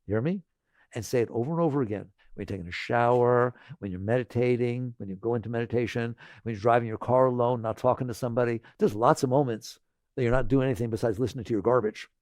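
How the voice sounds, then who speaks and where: A man teaching spirituality in a relaxed, conversational talk. He repeats phrases gently and often checks in with listeners by asking "right?". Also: medium pitch, fast talker, no echo, studio quality. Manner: conversational, tags lines with "right?".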